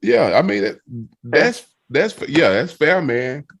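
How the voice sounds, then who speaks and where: A man's voice: a little high, sing-song, takes it slowly, creaky. A man moderating a casual podcast debate, agreeable and full of restarts and backchannel sounds. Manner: agreeable, filler-heavy, backchannels a lot.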